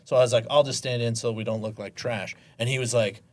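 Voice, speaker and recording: A man trades academy memories in a relaxed podcast chat. He laughs often and bursts into animated quoted lines. His voice sits in a middle pitch. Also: fast talker. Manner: laughs while telling stories, animated quoting. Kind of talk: casual storytelling chat.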